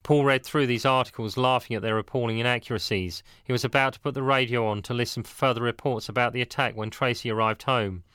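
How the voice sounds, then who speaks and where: Man, audiobook narrator, steady reading, bright voice, dry close sound. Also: mid-range voice, quick pace, hardly any pauses, clean tone, no echo.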